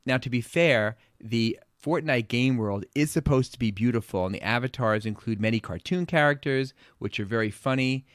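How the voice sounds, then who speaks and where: A man's voice: on the low side, no echo, clean studio sound. A man with a Long Island accent co-hosting a pediatrics talk show, opinionated and blunt as he talks through health news. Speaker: podcast co-host, pediatrician.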